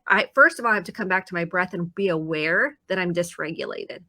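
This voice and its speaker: This Indiana-born woman, a therapist appearing as a guest on a live talk show, speaks fast in a fairly low, bright voice recorded close and dry with no room echo. She's earnest as she explains her thinking, voicing the lines people say to themselves.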